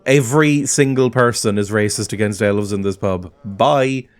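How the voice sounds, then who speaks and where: A man's voice: fairly low pitch, moderate pace, clean tone, soft background music. A man casually commentating a game he plays, chatty and often giggling. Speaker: gaming video host. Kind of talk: casual let's-play commentary.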